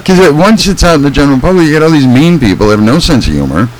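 A man's voice: a little high, expressive, very fast, rough recording. A man co-hosting a casual fishing podcast, rambling with restarts and frequent laughs. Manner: rambling, self-interrupting, laughs often. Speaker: podcast co-host.

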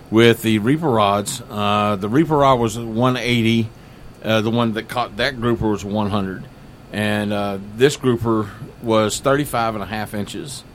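A man's voice: fairly low pitch, a little hiss or hum. A man, a pastor and regular on a fishing talk show, chatting casually and rambling with many fillers. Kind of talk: casual chat.

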